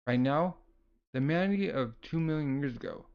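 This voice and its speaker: A man's voice: fairly high pitch, a little fast, clean tone, highs cut off, lightly acted. A man reading the lines of a brash, mocking young scientist from a comic, close to his own voice. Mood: smug.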